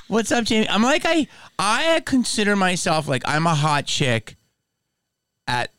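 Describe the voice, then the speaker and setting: A man's voice: high-pitched, drawn-out words, long pauses, background noise. A man hosting a podcast in casual chat, telling stories with lots of laughter. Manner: animated storyteller, laughs often. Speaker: podcast host.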